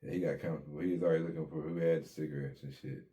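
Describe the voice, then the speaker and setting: A man with a deep, mellow voice recounts his own life in an interview. His talk is easygoing street slang, peppered with curses. He slips into quoted dialogue as he tells it. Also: fairly even intonation, rapid-fire. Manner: laid-back street slang, swears often, acts out quotes. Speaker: guest telling his life story. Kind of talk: casual storytelling interview.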